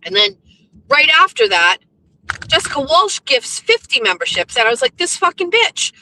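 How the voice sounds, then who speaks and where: Bright, high-voiced, foul-mouthed woman. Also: moderate pace, slight background noise, rough recording. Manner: blunt, swears a lot, animated storytelling. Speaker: livestream host. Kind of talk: casual profane livestream rant. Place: in a car, driving.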